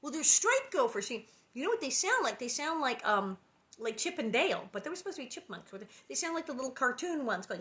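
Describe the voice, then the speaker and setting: A woman's voice: high voice, big pitch swings, a little fast, fairly bright tone. A woman reading a children's book aloud with gushing, giggly asides. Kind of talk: storybook reading with chatty asides.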